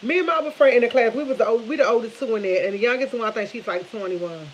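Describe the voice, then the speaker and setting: A woman's voice: a little high, racing, muffled recording, a little hiss or hum. A woman in her fifties chatting casually to viewers from her kitchen while cooking, telling stories with lots of animation. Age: 50s. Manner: chatty, animated storytelling with laughs, addresses viewers as y'all. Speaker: vlogger. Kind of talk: casual chat.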